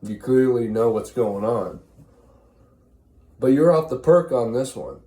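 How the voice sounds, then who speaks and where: A man's voice: medium pitch, animated, unhurried, mellow, echoey room, close to an everyday voice. A man voicing skeptical ancient Greek townsfolk who brush off a warning in crude, casual slang. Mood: scoffing.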